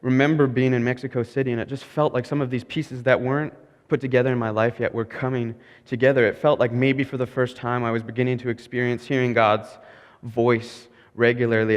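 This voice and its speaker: Young guy preaching, telling a funny story on himself, normal pitch, big echoey church hall. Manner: candid, self-mocking storyteller who laughs at his own tale. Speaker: pastor. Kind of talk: storytelling sermon. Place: church sanctuary. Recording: long hall reverb.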